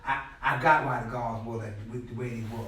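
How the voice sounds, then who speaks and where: A middle-aged man telling stories at a class in a casual, animated way, often acting out what others said and repeating words. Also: mid-range voice, fairly quick. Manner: animated, acts out quoted people loudly, repeats words. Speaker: guest speaker at a class. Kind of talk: conversational storytelling lecture. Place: indoor classroom space. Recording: very echoey room, mic far off.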